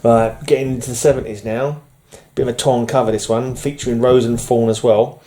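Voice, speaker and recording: A man's voice: mid-range voice, steady tone, a little fast, mellow. A man chatting casually at home while showing his comic books, rambling with fillers and chuckles. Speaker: comic collector vlogger. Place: room at home under fluorescent light.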